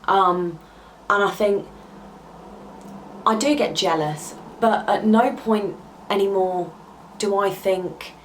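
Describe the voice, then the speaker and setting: A woman's voice: medium pitch, fairly even intonation, takes it slowly, pauses often, a little hiss or hum, poor audio. A young woman vlogger talking candidly to camera in a heartfelt, confiding way, with hesitant ums, at times near tears. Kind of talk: candid personal talk to camera.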